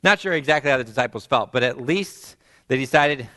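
A man preaching a sermon, animated and storytelling, acting out quoted voices and softly repeating key phrases for emphasis. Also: brisk. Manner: animated, acts out quoted voices with big pitch jumps. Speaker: pastor.

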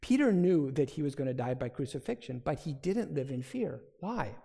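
A man's voice: a little high, big pitch swings, normal speed, creaky, dark tone. A man preaching a sermon as pastor, speaking in an earnest, conversational way with frequent restarts.

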